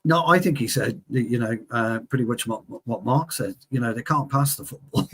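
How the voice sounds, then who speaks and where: A man's voice: medium pitch, normal speed. A man, a former player co-hosting a heated, sweary football chat and telling stories from his playing days. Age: 40s. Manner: sweary, animated, storytelling.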